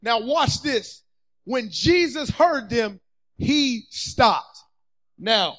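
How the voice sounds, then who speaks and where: A man preaching a sermon from a church stage, fervent and building up to shouts, acting out the people he quotes. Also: extremely high pitch, normal speed, poor audio.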